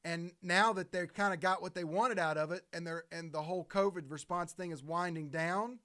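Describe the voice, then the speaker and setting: A man co-hosting a political talk show, talking in long rambling runs with halting restarts. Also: high voice, fairly even intonation, pushed and bright. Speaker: co-host.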